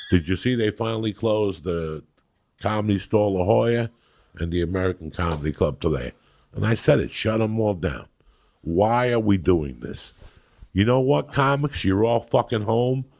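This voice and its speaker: Gravelly, low-voiced middle-aged man. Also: lively intonation, normal speed. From New Jersey. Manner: loud, rambling and crude, breaking into acted quotes. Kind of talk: profane storytelling chat.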